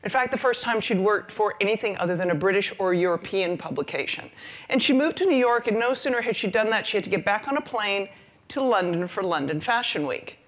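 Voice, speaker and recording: A woman's voice: mid-range voice, brisk. A woman speaking to a conference audience. She tells her stories with humor and energy, building up to each point. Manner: storytelling, lively and humorous. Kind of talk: conference talk.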